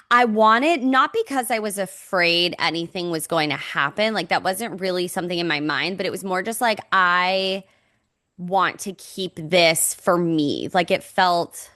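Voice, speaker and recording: A woman's voice: on the low side, measured pace, dry recording. Chatty woman podcast co-host, dry mic. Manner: chatty, animated, quotes herself in lively voices. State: pregnant, recovering from sickness. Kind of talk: casual chat.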